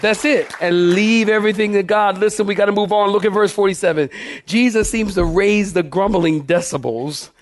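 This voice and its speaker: A man with a high-pitched voice preaching from a church pulpit. He is animated and lively, pushing the congregation for responses as he goes. The delivery is a full sermon. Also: normal speed, some chatter behind, slight background noise. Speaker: pastor.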